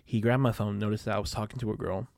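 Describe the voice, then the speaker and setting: A man's voice: fairly low pitch, steady tone, racing, creaky, darkish tone, dry recording, clean studio sound. A young man hosting a podcast, telling a personal story in a rambling way, with many fillers, casual swearing and laughing at himself. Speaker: podcast host.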